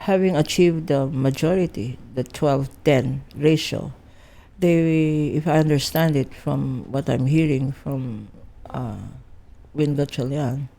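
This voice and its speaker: A woman's voice: a bass voice, slow, vocal fry, warm tone. An older woman from the Philippines, a lawyer, speaking emphatically in an interview and mixing English with Filipino. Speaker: lawyer guest. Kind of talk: animated interview talk.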